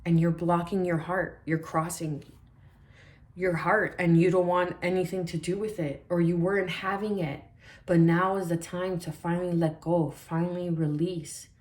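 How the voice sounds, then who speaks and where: Soft-spoken woman doing a tarot reading, kinda low and warm, echoey room. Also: steady tone, moderate pace. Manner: soft, reflective, repeats phrases for emphasis. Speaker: tarot reader.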